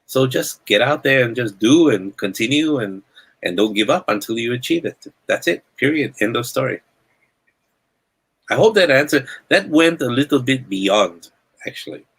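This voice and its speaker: A man's voice: mid-range voice, expressive, moderate pace, fairly bright tone, breathy edge, poor audio. A man hosting a live podcast in casual chat, blunt and rambling, often repeating words as he starts a thought. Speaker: podcast host.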